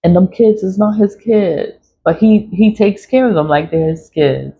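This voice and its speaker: Gravelly New woman, blunt and laughing. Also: mid-range voice, measured pace, slight background noise. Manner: blunt, profane, laughs through her story. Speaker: vlogger. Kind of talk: casual confessional monologue. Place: home in the city early morning. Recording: dull lo-fi recording.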